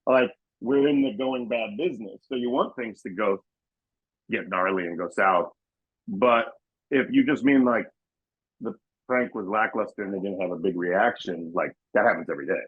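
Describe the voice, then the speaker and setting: A comedian telling prank stories in a casual interview, lively and blunt, recorded on a video call. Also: male voice, normal speed, husky, dry recording, narrow, tinny audio. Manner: animated storyteller, acts out quoted people in high voices. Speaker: comedian and prank show host, guest.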